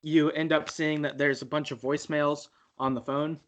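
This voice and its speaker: A man's voice: a little high, flat delivery, normal speed. A man co-hosting a podcast, casually recapping a story game in a rambling way and laughing easily. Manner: rambling, many fillers and restarts, laughs easily. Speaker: podcast co-host.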